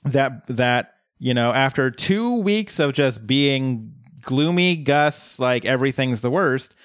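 An animated man rambles through a casual podcast recap of a TV episode, jumping in and out of quoted voices. His voice sits in the middle of the usual male range. The sound is close and dry, with no room around it. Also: mid-range voice, slow, smooth, no echo. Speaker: podcast co-host.

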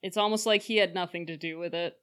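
A woman's voice: lowish voice, steady tone, fast, fairly bright tone, clear, resonant tone. A young woman co-hosting a casual podcast, playfully summarizing a story and acting out its lines in jokey voices. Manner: playful, jokey, acts out quotes in silly voices. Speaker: podcast co-host. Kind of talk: casual chat.

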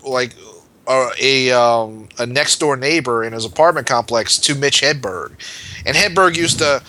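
A man's voice: mid-range voice, measured pace, sharp tone, slight background noise. A man hosting a comedy podcast, telling a rambling anecdote in casual chat. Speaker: podcast host.

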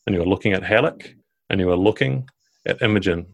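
A man, narrating a tabletop game podcast as dungeon master in a measured storytelling way. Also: low-pitched, over music.

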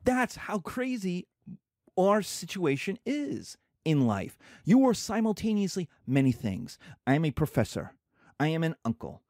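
A man's voice: a little high, sing-song, a little slow, a little mellow, no echo, clean studio sound. A man lecturing as a professor, asking and answering his own questions and acting out little scenes. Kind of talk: lecture to students.

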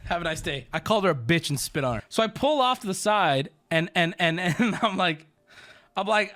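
A man's voice: sits high, a little fast. A male streamer telling a story in a casual, profane rant, acting out the people he quotes. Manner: animated, profane, acts out quoted voices.

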